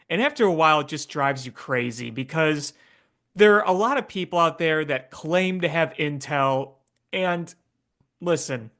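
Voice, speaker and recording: A man's voice: fairly high pitch, fairly bright tone. Rambling male sports podcast host. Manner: rambling, stammering restarts. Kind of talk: casual sports talk.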